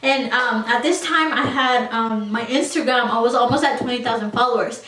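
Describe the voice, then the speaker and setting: A young woman with a slightly high voice tells a storytime vlog in a loose, rambling way, full of likes and ums. Her voice sits a little back from the mic in an echoey room. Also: normal speed, bright, forceful tone, distant mic. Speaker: beauty vlogger. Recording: roomy echo, voice a little off-mic.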